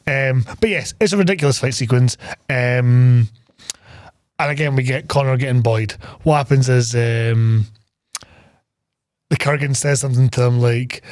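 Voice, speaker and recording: A man's voice: medium pitch, normal speed, darkish tone, dry recording, studio quality. A man co-hosting a casual film podcast, recapping scenes in a rambling way, swearing often and laughing as he goes. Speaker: podcast co-host.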